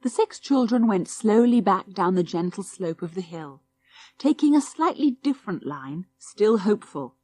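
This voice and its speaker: A woman reading a children's audiobook in a lively, expressive storytelling voice. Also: mid-range voice, moderate pace. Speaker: audiobook narrator.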